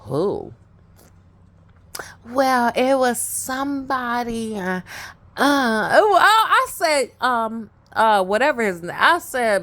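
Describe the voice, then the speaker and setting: A woman's voice: on the high side, very animated, slow, a bit bright. A woman vlogger telling a personal story to her viewers, chatty and laughing often, with many fillers and asides. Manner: addresses viewers directly. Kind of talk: storytelling monologue.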